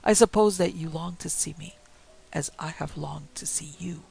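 A man voicing the wailing ghost of a dead wife, cold and pleading, in a breathy, mournful tone. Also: on the high side, moderate pace, darkish tone, soft background music, heavily acted, poor audio.

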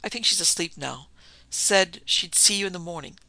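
A man's voice: sits high, normal speed, gravelly, sharp tone, no room sound, full character voice. A man reading the part of a brusque, domineering wealthy husband who talks in curt commands.

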